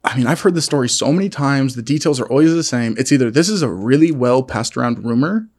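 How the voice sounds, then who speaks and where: A man co-hosting a casual podcast, telling stories in an animated way with lots of laughter. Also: quick pace. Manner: animated, laughing, jumps to high-pitched acted quotes. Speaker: podcast co-host. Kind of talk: casual storytelling chat.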